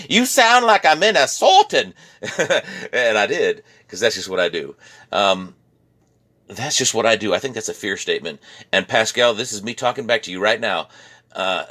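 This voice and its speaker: Animated reflective American man. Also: on the low side. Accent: mixed American Midwestern. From Virginia, USA. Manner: animated, laughs often, repeats words. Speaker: artist vlogger. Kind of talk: reflective personal monologue.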